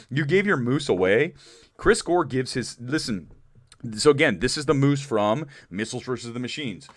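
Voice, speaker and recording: A man hosting a live movie talk show, chatting candidly to viewers with animated, rambling asides. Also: mid-range voice, moderate pace, no room sound, clean studio sound. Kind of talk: live-stream chat reading viewer comments.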